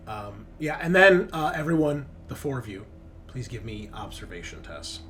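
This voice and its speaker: A man running a tabletop game as game master, relaxed and joking, often pausing with fillers. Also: medium pitch, background noise.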